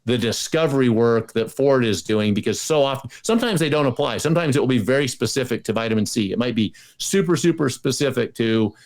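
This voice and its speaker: Guy guest on an interview, gets excited, trips over his words and restarts a lot. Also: medium pitch, a little fast, hardly any pauses. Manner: enthusiastic, many restarts and repetitions. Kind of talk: casual interview talk.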